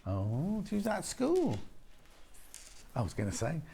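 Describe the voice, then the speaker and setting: A man from England's West Midlands presents live sales patter on a TV shopping channel in a studio, chatty and jokey, bantering and repeating prices. His fairly high voice swoops wildly in pitch, and he speaks a little slowly with vocal fry and a warm, husky tone.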